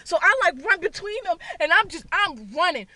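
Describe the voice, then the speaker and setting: A woman vlogger telling a story from her car, loud and full of swearing, acting out her own screams. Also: very high voice, lively intonation, moderate pace, no room sound. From Boston area, USA. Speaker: beauty vlogger. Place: parked car.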